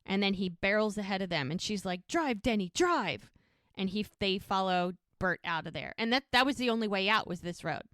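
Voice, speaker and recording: A woman co-hosting a podcast, casually retelling scenes of a TV episode in an animated way and acting out the characters' lines. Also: medium pitch, fairly quick, hardly any pauses, dry recording, studio quality. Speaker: podcast co-host recapping a TV show. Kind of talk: casual recap storytelling.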